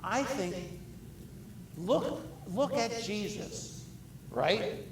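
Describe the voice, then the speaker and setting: Questioning preacher, high voice in echoey church. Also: male voice, very animated, extremely slow, recorded from a distance, slight background noise. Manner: conversational, asks the congregation many questions. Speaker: pastor. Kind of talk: sermon.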